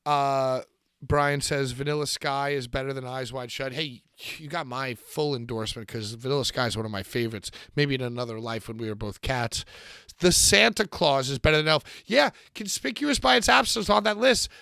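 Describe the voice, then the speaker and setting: A man co-hosting a casual podcast chat, loud and joking, swearing freely as he banters. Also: medium pitch, moderate pace, creaky, clear, resonant tone, no echo, studio quality. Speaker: podcast co-host.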